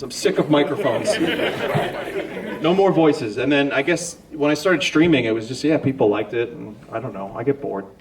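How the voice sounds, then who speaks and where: A man on a comedic convention panel, rambling and joking self-deprecatingly as he answers audience questions. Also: medium pitch. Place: large convention hall with an audience. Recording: distant mic in a crowded hall.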